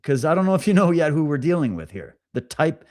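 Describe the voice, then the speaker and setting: A man's voice: a little high, sing-song, quick pace, a little mellow. A man hosting a live stream, giving casual commentary with sarcastic, mocking asides. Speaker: livestream host.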